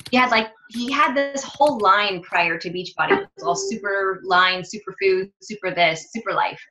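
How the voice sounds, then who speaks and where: Mid-range in pitch and speaking at normal speed, a woman who coaches fitness rambles through a casual story, frequently fixing her words partway through. The audio is dull and lo-fi, with a noisy background.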